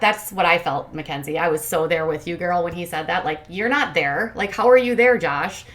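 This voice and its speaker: A woman's voice: on the low side, normal speed, hardly any pauses, fairly bright tone. Chatty woman doing a sarcastic recap, critical, rambling with likes and ums. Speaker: commentary channel host. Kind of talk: casual recap commentary.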